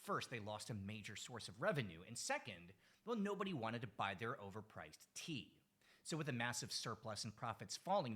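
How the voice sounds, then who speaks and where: Bright, lively male history narrator. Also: mid-range voice, slightly rough. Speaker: video narrator.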